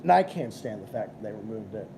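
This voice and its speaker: A man's voice: on the low side, animated, fast talker, gravelly, noisy background. A young man hosting a live stream, ranting and swearing as he chats with viewers. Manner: profane, ranting, combative. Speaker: livestream host. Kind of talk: casual live-stream chat.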